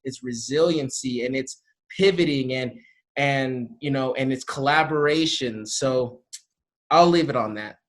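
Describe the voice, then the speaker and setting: A man speaking on a video call panel, energetic and rambling, with many fillers and restarts. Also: mid-range voice, measured pace. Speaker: panelist from a small-business support group.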